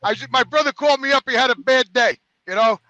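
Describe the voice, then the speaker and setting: A man's voice: extremely high pitch, quick pace, pushed and bright, dry recording, lo-fi sound. A man telling an exasperated, profane story on a podcast, acting out the people in it. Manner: exasperated, heavy swearing, acts out quotes. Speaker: podcast regular.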